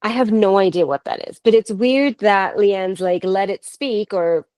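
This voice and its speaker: A woman in her thirties from Canada, telling a ghost-hunt story in an animated, chatty way, laughing often and quoting others. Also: mid-range voice, unhurried, no echo. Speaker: paranormal investigator guest. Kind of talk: casual storytelling.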